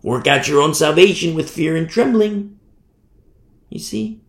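A tired man preaching a sermon in a lively way, acting out the people he quotes. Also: fairly high pitch, unhurried, creaky, roomy sound. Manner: animated, mimics the people he quotes. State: tired from no sleep.

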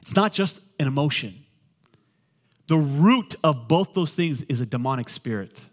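A middle-aged man, a pastor, preaching a sermon with joking asides, swinging between loud and quiet. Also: fairly high pitch, animated, a little slow.

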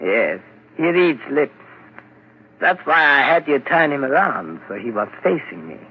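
A deliberate doctor who explains calmly and slowly. His pitch is lively. The old radio sound is muffled, with a faint hiss. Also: breathy edge, heavily acted. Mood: measured. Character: measured male asylum doctor. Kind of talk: 1940s radio acting.

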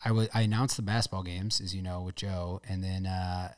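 A man's voice: low-pitched, steady tone, a little fast. A man co-hosting a podcast in casual chat, laid-back and self-deprecating, rambling through his stories. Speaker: podcast co-host.

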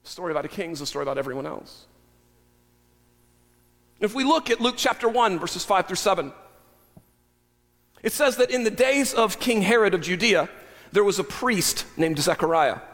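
A male pastor delivers a sermon in a fairly high voice that carries a long reverb through the sanctuary. He preaches with animated emphasis, sometimes dropping into quiet, intimate asides, and slips in wry humor along the way. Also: moderate pace, pauses often. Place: church sanctuary.

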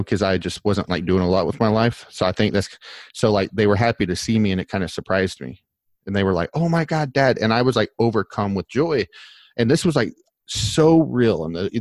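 A man with a very low voice tells a personal story in a casual conversation, circling back on himself with fillers and restarts. He sounds candid and earnest as he talks. The sound is dry and close, with no room around it. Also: dry recording. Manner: earnest and emotional. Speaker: guest telling a personal story.

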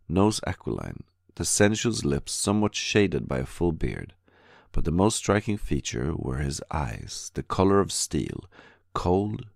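A man reading a diary audiobook aloud in a measured, steady scripted narration. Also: deep voice, gravelly, no echo, studio quality.

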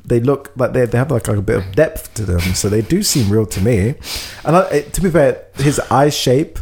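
A podcast co-host, talking casually, expressive and quick to laugh and exclaim. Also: medium pitch, slight background noise. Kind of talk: casual chat.

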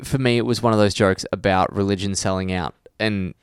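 A man's voice: on the low side, fairly even intonation, brisk, clean tone, no echo, clean studio sound. A man co-hosting a podcast in casual chat, ranting heatedly with profanity and restarts. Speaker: podcast co-host.

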